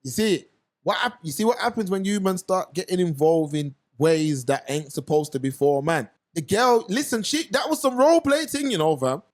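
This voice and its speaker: A young man with a London accent, hosting a casual talk show and telling stories in animated slang. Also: high voice, normal speed. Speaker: podcast host. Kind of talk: casual commentary chat.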